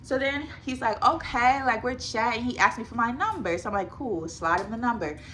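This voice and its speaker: A young woman in her twenties tells a storytime vlog in a chatty, filler-heavy way. She keeps turning to her viewers as y'all. Her voice is bright and forward over a faint background hum. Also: on the high side, lively intonation, brisk. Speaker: vlogger. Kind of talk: casual storytime.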